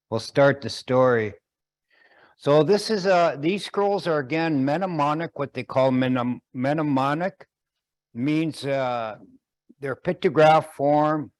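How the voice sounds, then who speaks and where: A man telling a traditional story slowly, pausing often and explaining as he goes. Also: a little high, lively intonation.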